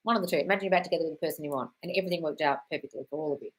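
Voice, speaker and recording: Speaking rapid-fire in a low voice, a woman runs a live stream where she reads viewer questions and answers them breezily, calling everyone darling. The audio is poor.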